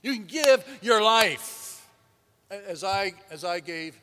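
High, bright-voiced preacher in a hall. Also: male voice, measured pace. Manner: lively, swings from loud to hushed, chuckles, repeats words. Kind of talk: sermon.

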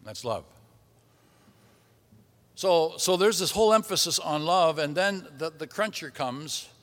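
A man preaching a sermon, lively and conversational, swinging between loud emphasis and hushed asides and repeating words as he goes. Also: fairly high pitch, a little slow, in a large hall.

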